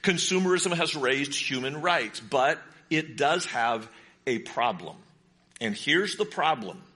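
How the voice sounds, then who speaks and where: In a church sanctuary filled with his congregation, a pastor preaches conversationally, putting questions to the people. His medium-pitched voice is animated yet slow, with a bright, forceful tone.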